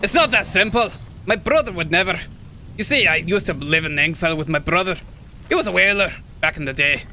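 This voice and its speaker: A man reading out an old hermit's lines from a video game in a high, loud voice with a rough attempt at a Scottish accent. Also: brisk, slight background noise, heavily acted. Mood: wistful. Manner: reading game dialogue aloud, dramatic. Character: lonely old man, stubborn hermit by the sea.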